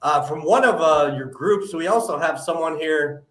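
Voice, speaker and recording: A man's voice: a little high, moderate pace, echoey room, low-quality recording. A man hosting a live podcast interview, friendly and full of "uh" fillers. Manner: friendly, filler-heavy, many "uh"s. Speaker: podcast host.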